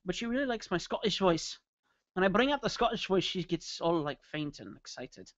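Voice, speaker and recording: A man's voice: high voice, animated, normal speed, fairly bright tone, no room sound. A man casually chatting with viewers during a live drawing stream, playful and jokey. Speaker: caricature artist streaming live. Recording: dull lo-fi stream audio.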